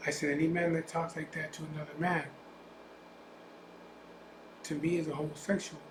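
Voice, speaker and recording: A man's voice: fairly high pitch, level tone, normal speed. Blunt, profane man in an echoey room. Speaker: biker vlogger. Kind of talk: casual storytelling. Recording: echoey room with faint ambient noise.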